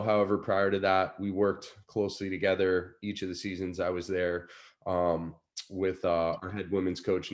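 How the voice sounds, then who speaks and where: A low-voiced man, speaking over a video call. His voice sounds nasal from a cold, and he talks haltingly, with fillers and restarts. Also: a little mellow. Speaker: head swim coach. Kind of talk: video call panel talk.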